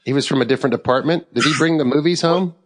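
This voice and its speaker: A middle-aged man co-hosting a podcast, telling a story in a rambling, animated way and laughing along with it. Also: on the high side, quick pace. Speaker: podcast co-host. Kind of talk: casual storytelling. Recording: long hall reverb.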